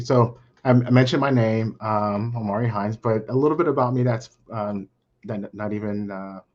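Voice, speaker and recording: A middle-aged man from Brooklyn, under the weather, speaking on a panel in a halting way full of fillers. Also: fairly low pitch, darkish tone, lo-fi sound. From Brooklyn, New York. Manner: halting, many fillers and restarts. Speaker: panel guest, account manager. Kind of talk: casual panel talk.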